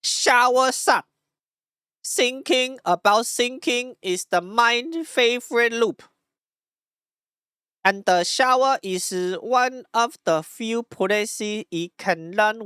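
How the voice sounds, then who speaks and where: A man putting on a heavy Taiwanese Mandarin accent to read short musings aloud in a high, slow voice. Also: sharp tone, smooth, no room sound, clean studio sound, exaggerated voice. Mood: mock solemn. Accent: Taiwanese Mandarin, put on. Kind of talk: mock-accented reading of musings.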